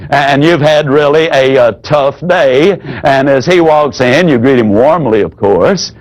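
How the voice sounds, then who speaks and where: A man teaching a sales training seminar in a folksy, demonstrative way. He drops his voice low whenever he acts out an example. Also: a little slow, poor audio.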